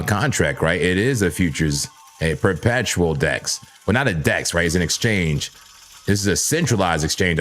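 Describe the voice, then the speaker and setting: Deep-voiced man hosting a chatty trading stream. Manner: playful, chatty, talks straight to chat viewers; repeats words, quick self-corrections. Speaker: livestream crypto trading host. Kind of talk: casual live chart commentary.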